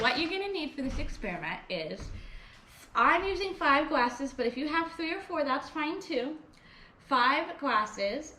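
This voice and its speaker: A young woman teaching a music lesson to small children in a cheerful, slow and clear way, at home in her kitchen. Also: medium pitch, a bit bright. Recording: echoey kitchen with clear background noise.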